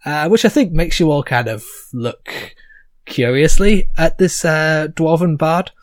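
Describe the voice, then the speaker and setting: Male game master, hesitant narration, slightly high voice, dry close sound. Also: a little slow, no room sound. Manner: hesitant, full of "uh"s.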